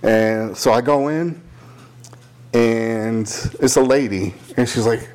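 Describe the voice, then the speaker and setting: A man's voice: mid-range voice, measured pace. Young man, casual storyteller, swears a lot, mimics people he quotes. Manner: profane, animated, quotes people in voices. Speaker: podcast co-host telling a story.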